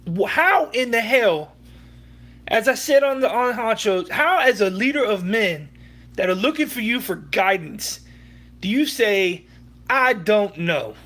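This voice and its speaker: A man's voice: sits high, very animated, unhurried, fairly bright tone. A young man hosting a sports livestream, ranting heatedly and profanely with many restarts. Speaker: livestream host.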